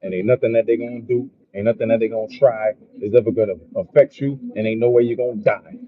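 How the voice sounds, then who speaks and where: A man's voice: fairly low pitch, fairly even intonation, fast, narrow, tinny audio. A man giving a profane, repetitive motivational monologue in a casual vlog. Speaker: motivational vlogger.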